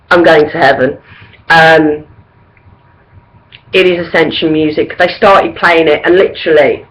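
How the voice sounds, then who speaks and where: A woman's voice: lowish voice, fairly bright tone, poor audio. A woman in her thirties talks straight to camera in a loose, unscripted vlog. She gushes and rambles, and her sentences are padded with ums and likes. The delivery stays chatty and unpolished. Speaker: vlogger. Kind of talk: casual to-camera gig review.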